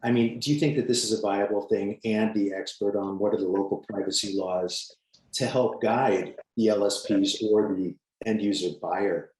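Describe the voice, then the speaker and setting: Man co-host, friendly follow-up, deepish voice, roomy echo. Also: fairly even intonation, normal speed, a little mellow. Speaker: podcast co-host. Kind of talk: interview questions.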